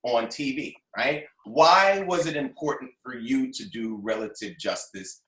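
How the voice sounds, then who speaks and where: A man hosts an interview in a lively, chatty way, asking questions and laughing along. His voice sits in the middle range for a man. The sound has a roomy echo around it. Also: mid-range voice, measured pace. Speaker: interview host. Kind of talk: casual interview talk.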